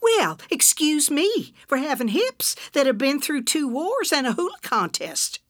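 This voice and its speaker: A woman putting on a prickly old lady with a raised, lively voice, all sharp comebacks and indignation. She sounds dry and close to the mic, with a wide, swooping pitch in a storybook scene. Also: a little slow, no echo. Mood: indignant. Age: 70s. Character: feisty elderly woman, quick-tongued and prickly.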